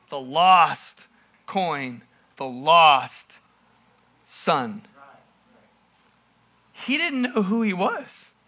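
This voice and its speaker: A male pastor preaching a sermon in an animated way, with dramatic pauses and sudden loud bursts. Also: high-pitched.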